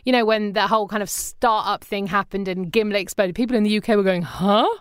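British woman, lively interview guest, acts out quotes, dry close sound. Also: medium pitch, fast talker, clean tone, no echo. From Britain. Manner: animated storyteller, acts out quoted people. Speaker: podcast producer, guest. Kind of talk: casual interview chat.

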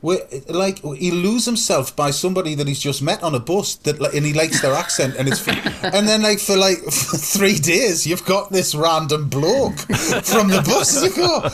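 A man's voice: sits high, normal speed, hardly any pauses, background noise. A man with a Geordie accent, chatting jokily as a co-host and slipping into mimicked voices. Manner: jokey, animated, mimics voices. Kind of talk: casual chat.

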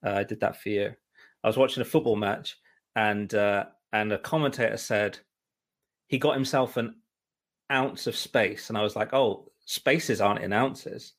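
A man chatting on a podcast, telling long, rambling stories in a mildly exasperated tone. He often stops and restarts his sentences and fills pauses with ums and uhs. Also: on the low side, fairly even intonation. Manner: rambling, exasperated storytelling with many fillers. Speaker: musical director and co-host. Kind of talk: casual chat.

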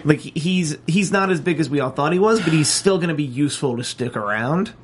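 A mid-pitched co-host walks through a TV plot in a casual recap chat. The delivery is thoughtful and analytical, with viewer comments read out along the way. Faint background hiss runs under the voice. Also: lively intonation, a little fast. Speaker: podcast co-host.

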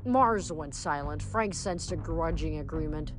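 A woman's voice: low-pitched, unhurried, over music. Young woman reading a novel aloud. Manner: casual recap with fillers. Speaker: book reader.

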